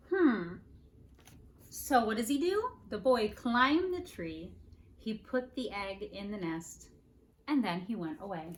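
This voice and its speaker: A woman, a preschool teacher, reading a children's picture book aloud in a playful, animated way and asking the listeners questions. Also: mid-range voice, slow. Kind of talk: children's storybook read-aloud. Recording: faint background noise. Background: dog barking now and then.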